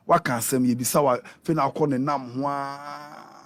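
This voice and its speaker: A man from Ghana with a Ghanaian accent, a pastor talking in a radio interview in an animated preaching manner, switching between Twi and English. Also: mid-range voice, moderate pace, no echo.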